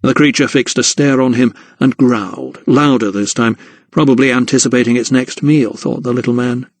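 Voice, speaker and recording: A man reads an audiobook in a measured, steady storytelling voice of middling pitch. The recording is dry and close, with no room sound at all. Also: no echo. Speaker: audiobook narrator. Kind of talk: scripted narration.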